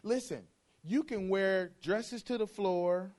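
High-voiced guy preaching, repeats lines over and over for punch, playful, pokes fun at church talk. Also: slow, a little mellow. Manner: emphatic, repeats phrases for effect. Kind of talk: sermon.

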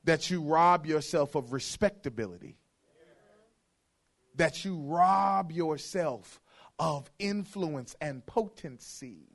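A man's voice: on the high side, slow. A man preaching a sermon, emphatic and playful, hammering his point with repeated phrases and mimicking how churchgoers talk.

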